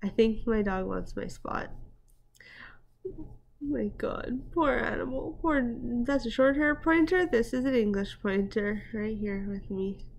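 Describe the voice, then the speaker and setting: Woman, reaction host, higher voice, slow easygoing delivery, exclaims and laughs a lot. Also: lively intonation, vocal fry. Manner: chatty, exclaims and laughs often. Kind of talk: casual reaction commentary. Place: at home with her dogs nearby.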